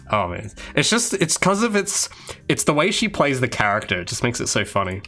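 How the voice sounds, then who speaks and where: A man's voice: medium pitch, big pitch swings, brisk, pushed and bright, soft background music. A man, a game developer, chatting casually with viewers on a live stream while he works, rambling with restarts and asides. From Australia. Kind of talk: casual livestream chat while working.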